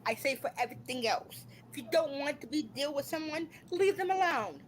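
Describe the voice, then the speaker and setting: A woman's voice: high-pitched, expressive, a little fast, a little hiss or hum, low-quality recording. A woman hosting a live stream from home, scolding and ranting in an exasperated, repetitive way. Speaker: livestream host. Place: home room.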